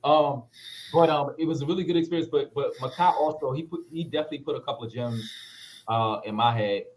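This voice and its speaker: A man, a guest actor telling stories in a casual interview, relaxed and full of fillers. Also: mid-range voice, quick pace, rough recording. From Harlem, New York. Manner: laid-back, full of fillers, lively when retelling.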